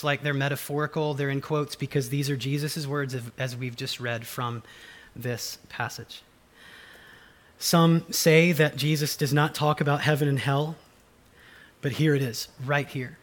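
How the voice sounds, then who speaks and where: Male pastor, high voice, earnest and emphatic sermon delivery. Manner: earnest, emphatic preaching with acted quotes.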